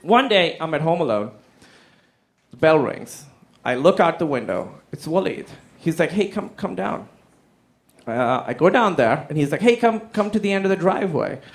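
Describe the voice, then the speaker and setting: A man telling a stand-up comedy story, animated and profane, acting out the people in it with silly voices. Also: on the high side, normal speed. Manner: animated, acts out quotes in silly voices, swears freely.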